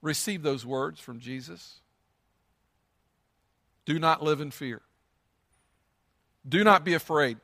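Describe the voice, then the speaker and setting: A man's voice: fairly high pitch, takes it slowly, pauses often, sharp tone, long reverb tail. A man preaching a sermon as pastor, earnest and emphatic, with lots of repetition.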